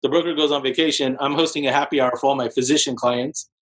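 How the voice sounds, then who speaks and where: Here a forties-aged man, a real estate broker appearing as a podcast guest, spins his story quickly and casually, peppering it with "like." His delivery is animated, his voice rising higher for quotes, and the recording quality is poor.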